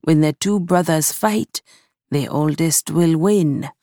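A woman voicing a hushed, reverent elder. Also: low-pitched, slow pace, no echo, clean studio sound. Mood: solemn. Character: old wise male storyteller, solemn elder.

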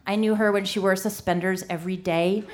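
A woman's voice: medium pitch, steady tone, brisk, darkish tone, a little hiss or hum. A woman in her thirties telling a funny personal story on stage, self-deprecating and full of "like". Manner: comic, self-deprecating, lots of "like". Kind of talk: live storytelling.

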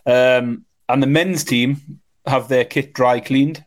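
A man with a mid-pitched voice co-hosts a podcast in relaxed, casual chat. He speaks in a matter-of-fact way with a dry sense of humor. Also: takes it slowly. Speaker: podcast co-host.

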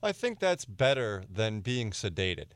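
A man's voice: on the low side, very animated, measured pace, no echo. A man co-hosting a sports radio show, chiming in with dry joking asides. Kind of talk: casual sports talk chat.

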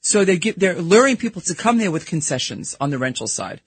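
Husky Brooklyn woman, dry close sound. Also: fairly low pitch, very animated, no echo. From New York. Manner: emphatic, candid, talks in quick bursts. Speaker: guest. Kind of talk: casual studio interview. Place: radio studio.

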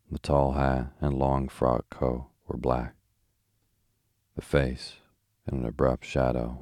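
A man narrating a classic novel as a slow, steady, rhythmic sleep story. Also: very deep voice, dry recording, studio quality.

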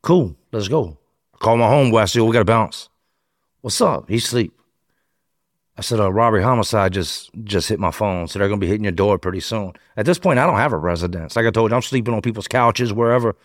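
A man recounting his past in a lively storytelling manner, acting out the voices of the people he quotes. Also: fairly low pitch, quick pace, dry recording, studio quality. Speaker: interview guest.

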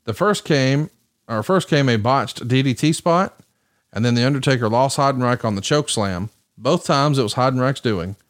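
Male podcast host, brisk recap commentary, questioning co-host, mid pitch, dry close mic. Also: dry recording. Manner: brisk, reads match results and asks questions.

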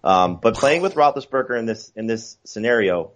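A man's voice: lowish voice, animated, normal speed, slight background noise. A man talking fantasy football as a podcast guest, chatty and full of fillers and restarts. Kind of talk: casual podcast chat.

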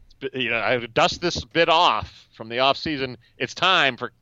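A man co-hosting a casual sports podcast, joking and bantering quickly. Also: mid-range voice, bright, forceful tone, smooth, no echo, dull audio. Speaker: podcast co-host.

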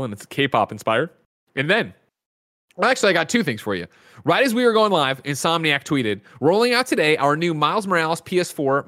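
A man runs a casual games news show, his fairly high voice leaping all over the place. He rattles through lists of releases and drops quick asides along the way. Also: fairly bright tone. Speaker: host.

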